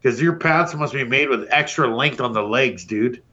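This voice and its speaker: A man's voice: medium pitch, normal speed, bright, forceful tone, dull audio. A man hosting a podcast, delivering a brash, profane comedic roast rant. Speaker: podcast host.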